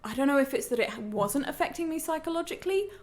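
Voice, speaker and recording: Give me a woman chatting on a podcast, fairly high-pitched, telling stories with lots of swearing. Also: fast. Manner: animated, sweary storytelling. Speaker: podcast guest. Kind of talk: casual podcast chat.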